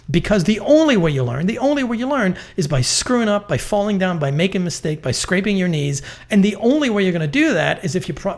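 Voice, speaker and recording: A middle-aged man, a real estate network executive, telling stories bluntly and emphatically in a business interview. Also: on the high side. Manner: emphatic, blunt, lively storytelling.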